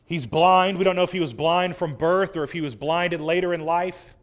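Male preacher with a high voice, dramatic sermon reading. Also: moderate pace. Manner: dramatic scripture reading, swelling loud then dropping soft. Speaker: pastor.

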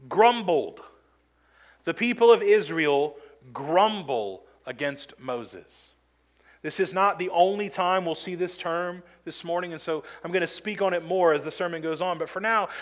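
A man's voice: high voice, a bit bright. A man preaching a sermon as pastor, earnest and emphatic, acting out quoted complaints now and then.

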